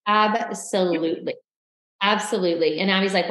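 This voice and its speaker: A woman co-hosting a casual recap podcast, telling stories in a lively way and acting out what others said. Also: on the low side, normal speed, echoey room, rough recording. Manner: animated storytelling, acting out quotes. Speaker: podcast co-host.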